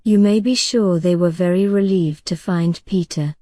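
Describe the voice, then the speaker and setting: A woman narrating a bedtime storybook in a calm, gentle reading voice. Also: fairly low pitch, moderate pace, dry recording. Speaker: audiobook narrator.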